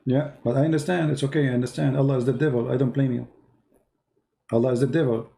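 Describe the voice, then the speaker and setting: A man hosts a live call-in debate with a gravelly, creaky voice. His tone is dark and mellow rather than bright. He presses his points insistently, repeating them for weight. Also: medium pitch, steady tone, fast. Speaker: host of a call-in debate show.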